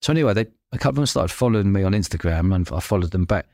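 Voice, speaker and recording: In a laid-back podcast chat, a host with a lowish voice tells stories at a very fast clip, slipping into lively impressions of the people involved and laughing often. The recording is dry and close-miked with no room sound at all.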